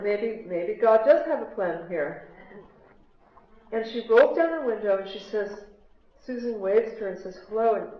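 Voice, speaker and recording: A woman giving a live spiritual talk to an audience, telling stories and asking the crowd questions. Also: medium pitch. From United States. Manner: chatty, asks the audience questions. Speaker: spiritual speaker. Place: large hall with a live audience. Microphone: recorded from the audience on a handheld MP3 player. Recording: lo-fi echoey hall recording from the audience.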